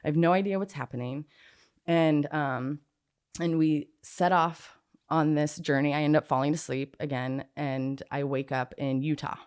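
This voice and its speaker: A woman with a notably low voice recounts her own story as an interview guest. She is candid and unfiltered, filling her speech with "like" and dropping swear words as she goes. She grew up in Southern California. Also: fairly even intonation, moderate pace, a little mellow, clear, resonant tone. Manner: frank and unfiltered, peppered with "like" and swearing. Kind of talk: recounting a personal story in casual conversation.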